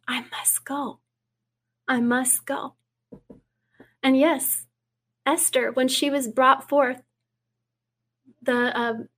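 A woman guest speaking earnestly in an interview, reading scripture aloud and dropping to a hush for quoted words. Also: high voice. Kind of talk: preaching in an interview.

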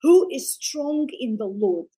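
A high-pitched woman speaks as a guest in an interview. She tells a faith testimony with fervent, preacher-like conviction and acts out the people she quotes. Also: animated, slow, mellow, husky, low-quality recording. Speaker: ministry founder, guest.

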